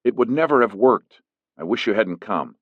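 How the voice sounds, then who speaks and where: Man voicing a firm man, measured, defensive, dry lo-fi sound. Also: lowish voice, animated, dry recording, voice pushed up. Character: firm middle-aged man, a lawyer. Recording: dull lo-fi recording.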